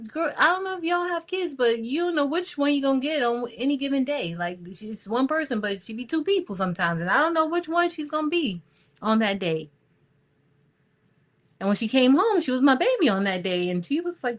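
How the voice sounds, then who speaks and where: Her voice a little high and expressive, this middle-aged woman talks at a normal speed while hosting a crafting livestream. She works as she chats casually and tells stories, calling everyone "y'all."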